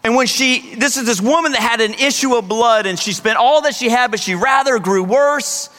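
A man preaching a sermon as pastor, lively and energetic, breaking into shouts and playful voices. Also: extremely high pitch, normal speed.

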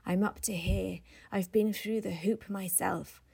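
Woman reading as a gruff blunt male editor. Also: medium pitch, steady tone, a little slow, mellow, full character voice. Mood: brusque. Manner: gruff, dismissive outbursts.

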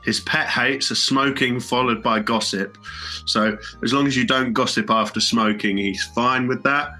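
A man co-hosting a comedy podcast, delivering absurd jokes in a matter-of-fact, deadpan way. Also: mid-range voice, moderate pace, soft background music. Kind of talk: casual comic banter.

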